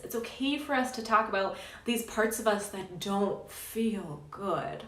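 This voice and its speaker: A woman's voice: medium pitch, unhurried, a bit bright. Woman parenting coach talking to camera, earnest storytelling vibe, kinda far from the mic, roomy echo. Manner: earnest, storytelling, many "right?" asides. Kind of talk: casual advice talk to camera.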